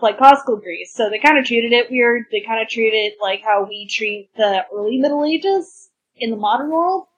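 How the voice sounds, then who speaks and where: A woman's voice: fairly high pitch, normal speed, slightly rough, muffled recording. A woman co-hosting a podcast, chatting casually and enthusiastically about history and stories, with crude humor. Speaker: podcast co-host. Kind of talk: casual chat.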